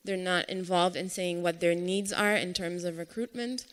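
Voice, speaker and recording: A woman answering as a panelist in a steady, matter-of-fact way. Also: fairly low pitch, normal speed. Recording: long hall reverb.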